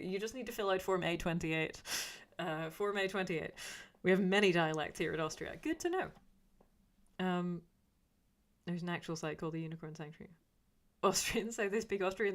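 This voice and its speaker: A woman streaming live in casual chat. She reads viewer comments aloud and rambles in answer, with many fillers and restarts. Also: on the low side. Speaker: YouTuber reading live chat.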